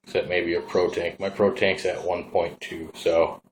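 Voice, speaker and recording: A very low-voiced man with a Minnesotan accent talks in a laid-back, folksy ramble while showing off his gear. Faint noise hums under the recording. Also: little pitch movement, normal speed. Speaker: vaping hobbyist vlogger. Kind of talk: casual hands-on demo.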